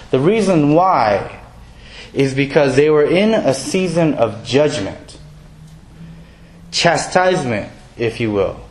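A man's voice: mid-range voice, slight background noise. Man preaching a conversational sermon. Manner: conversational, self-deprecating, acts out quoted voices. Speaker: pastor.

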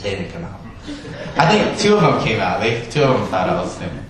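A man preaching a sermon, stressing key words loudly and then dropping to a soft, quiet delivery. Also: on the low side, big pitch swings, brisk, a crowd in the background. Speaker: pastor. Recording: echoey room, voice from a distance.

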